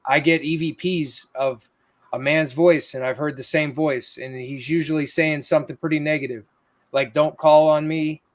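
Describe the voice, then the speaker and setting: A man's voice: a little high, steady tone, moderate pace. A man in casual conversation, earnestly telling stories from his ghost investigations. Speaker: paranormal investigator. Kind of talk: casual chat.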